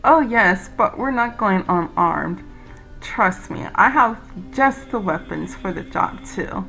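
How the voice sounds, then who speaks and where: A woman voicing a calm, motherly tea-room lady who speaks in a gentle, measured way. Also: medium pitch, vocal fry, faint music behind, exaggerated voice, low-quality recording.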